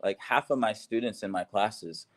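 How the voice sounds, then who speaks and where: A man's voice: fairly low pitch, moderate pace. A man co-hosting a casual conversation, upbeat and enthusiastic, laughing easily. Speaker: co-host, expat living in Laos.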